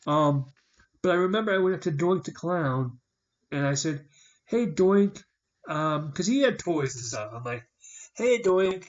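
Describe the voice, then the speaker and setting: A fairly high-voiced young man tells a long, rambling story on a podcast and acts out the other people's lines. His voice sounds roomy and a bit far from the mic. The recording is dull. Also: measured pace. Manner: rambling, animated, acts out quotes. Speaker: podcast host. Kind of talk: casual storytelling chat.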